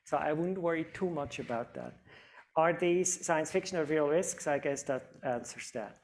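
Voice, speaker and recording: A man's voice: fairly high pitch, normal speed. A man moderating a panel discussion, hesitant with many fillers as he hands out questions.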